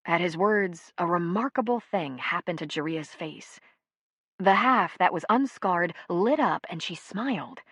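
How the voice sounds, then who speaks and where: A woman reading an audiobook in steady, even scripted narration. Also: lowish voice, breathy edge, no echo.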